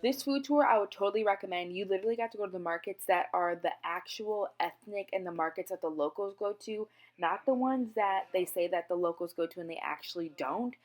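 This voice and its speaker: A woman's voice: mid-range voice, fairly quick, hardly any pauses. Chatty young woman vlogging her travels. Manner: chatty and enthusiastic, recommending places. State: out of breath. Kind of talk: casual travel vlog chat.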